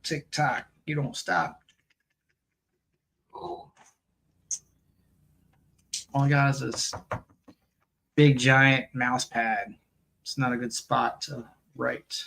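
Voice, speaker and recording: A man with a gravelly, bright voice hosts a live stream in a loose, rambling way. He jokes around, laughs often and reads viewer comments aloud. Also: medium pitch, steady tone, drawn-out words, pauses often. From United States. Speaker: host of a live coin stream. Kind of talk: casual live-stream chat.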